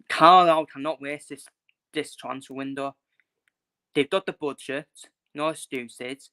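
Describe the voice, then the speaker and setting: A man's voice: on the high side, bright, forceful tone. A young man ranting casually in his own vlog, frustrated and blunt, repeating himself and swearing. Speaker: football fan vlogger. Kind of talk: casual opinion rant.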